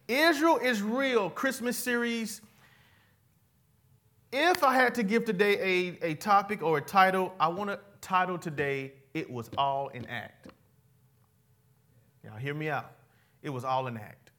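A man's voice: sits high, expressive, a little slow, a bit bright. A man preaching a sermon, speaking casually with slang and calling on the congregation to repeat words back to him. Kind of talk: sermon with call-and-response.

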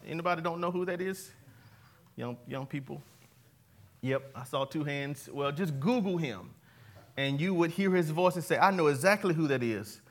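This high-pitched preacher, fairly bright in tone, delivers a jokey, conversational sermon before his congregation in church. He weaves scripture in with humor and leads call-and-response, getting people to repeat key words.

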